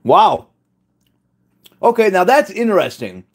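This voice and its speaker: A man's voice: on the high side, animated, normal speed. A man hosting a cooking challenge from his home kitchen, talking casually and jokingly to a live audience. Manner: chatty, joking, self-deprecating. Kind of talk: casual live-stream chat.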